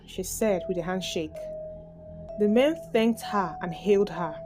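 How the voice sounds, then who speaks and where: A woman narrating a dramatic story in a steady, scripted storytelling style. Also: mid-range voice, a little slow. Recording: background music.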